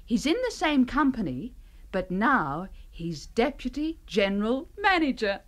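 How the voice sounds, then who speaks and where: An actress playing a kind, chatty young Australian wife in a scripted radio drama for English learners, speaking slowly and clearly. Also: female voice, on the high side, sing-song.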